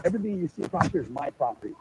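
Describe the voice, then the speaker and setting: Racing through a heated, rambling account, a man films on a handheld phone while walking his rural property to make a public statement. His voice is on the high side and sing-song; he swears and restarts often amid loud outdoor background noise.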